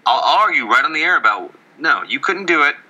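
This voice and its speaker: A man co-hosting a casual baseball podcast, talking in a rambling, joking way full of stammered restarts. His voice is very bright and cutting, with the sound of a radio broadcast. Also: fairly high pitch, very animated, a little fast, low-quality recording. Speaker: podcast co-host. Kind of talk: casual sports chat.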